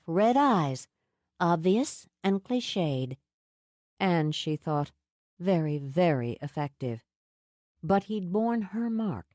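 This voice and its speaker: Female audiobook narrator, low voice, measured, dry close recording. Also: dark tone, no room sound. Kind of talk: scripted narration.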